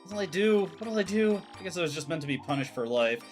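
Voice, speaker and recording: A man's voice: sits high, animated, fast, faint music behind. A man voicing a timid young female shadow girl from a game, anxious and self-pitying. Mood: worried.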